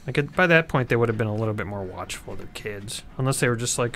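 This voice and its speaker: A man's voice: fairly low pitch, animated, fast talker, creaky, few pauses, a bit bright, slight background noise. A man co-hosting a let's-play stream, cracking crude jokes and reading out viewer offers in casual chat.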